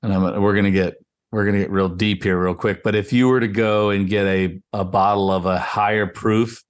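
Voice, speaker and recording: A man's voice: lowish voice, fairly even intonation, normal speed. A man from Virginia co-hosting a podcast, laughing often and explaining things at length in casual chat. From Virginia, USA. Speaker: podcast co-host.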